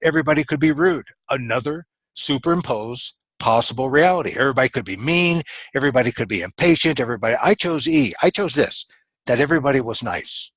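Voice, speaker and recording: A man's voice: medium pitch, animated, quick pace, fairly bright tone, slightly rough, no echo, poor audio. A man giving a motivational coaching talk in a webinar, earnest and emphatic, repeating his key phrases. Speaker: business coach.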